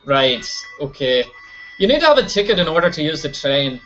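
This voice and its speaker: A man chatting through a video game, joking as he goes. His pitch jumps around a lot. The recording sounds dull and lo-fi. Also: a little fast, soft background music. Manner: joking, animated, silly voices. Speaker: let's play host. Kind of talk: casual gameplay commentary.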